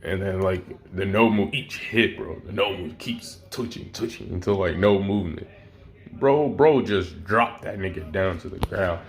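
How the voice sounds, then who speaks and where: A man's voice: deep voice, normal speed, a little hiss or hum. A young man casually retelling a fan story in heavy slang, rambling, swearing and making sound effects.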